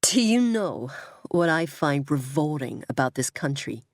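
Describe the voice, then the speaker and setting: A woman's voice: low-pitched, sing-song, a little slow, no room sound, clean studio sound, exaggerated voice. Woman playing a cool, cutting disgusted woman. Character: sharp, disgusted woman, faintly American-sounding.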